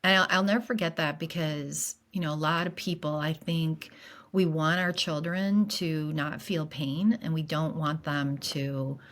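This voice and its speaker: In a frank podcast conversation about grief, this middle-aged woman guest speaks in a low-pitched, steady tone. She stumbles through fillers and restarts, emotional and sincere throughout.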